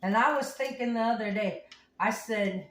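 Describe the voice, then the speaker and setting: Woman host of a home cooking show, folksy and rambling, somewhat high voice, recorded from a distance. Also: normal speed. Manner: folksy, rambling, homespun phrasing. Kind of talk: casual storytelling while cooking. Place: home kitchen. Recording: echoey room, mic at a distance.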